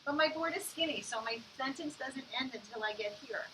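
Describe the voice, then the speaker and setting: A woman's voice: high voice, fairly quick, far from the mic, background noise. Encouraging woman teacher sounding out words. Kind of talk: online phonics lesson for young children.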